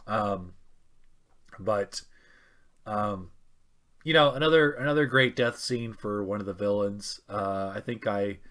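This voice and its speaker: Man, low voice, casual podcast co-host, halting delivery with fillers. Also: a bit bright. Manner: hesitant, many ums and restarts.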